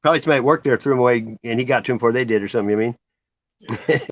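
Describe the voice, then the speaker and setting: A man's voice: medium pitch, racing, no echo. A man hosting a casual chat, laid-back and rambling. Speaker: host. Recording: dry dull lo-fi sound.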